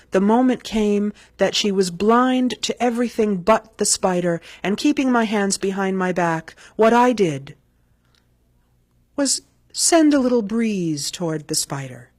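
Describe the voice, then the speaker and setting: A woman telling a spoken family anecdote in an animated, comic way. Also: mid-range voice, no room sound. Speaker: storyteller.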